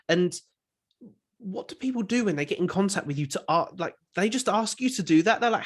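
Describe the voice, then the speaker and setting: A man's voice: fairly high pitch, normal speed. Rambling man hosting an interview. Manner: rambling questions with repeated words. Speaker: podcast host. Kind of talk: casual interview chat.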